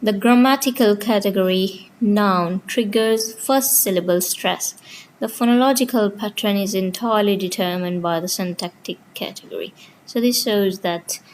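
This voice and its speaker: Woman lecturer, mid pitch, explains slides step by step with loose grammar, faint hiss behind. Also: poor audio. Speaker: linguistics teacher. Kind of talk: casual lecture over slides.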